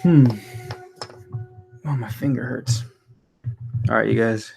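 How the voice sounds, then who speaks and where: Music plays under a young man's mid-range voice, which is slow and carries vocal fry. He's the reader and host of a candlelit home session with a resin burner, chatting loosely and cursing freely during the intermission.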